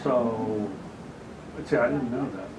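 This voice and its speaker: A man's voice: mid-range voice, takes it slowly. A man in a casual group discussion, curious and asking short questions. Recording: noisy room recording.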